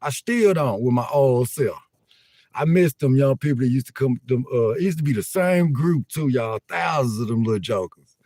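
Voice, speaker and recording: An older man chats casually to his viewers in an animated, laughing way, often repeating himself. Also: medium pitch, normal speed, no echo. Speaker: vlogger livestreaming. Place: inside a van.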